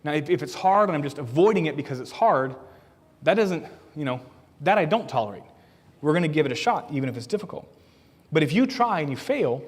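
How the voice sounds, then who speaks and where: A man preaching a sermon as a pastor, earnest and plain-spoken, asking the congregation questions as he teaches. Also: fairly high pitch. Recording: long reverb of a church hall.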